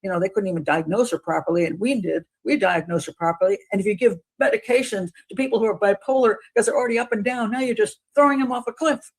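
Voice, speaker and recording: A woman hosts a casual commentary on a courtroom trial, her voice gravelly with a husky edge. She talks in an animated way and acts out what the lawyers said. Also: mid-range voice, fast, few pauses. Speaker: host.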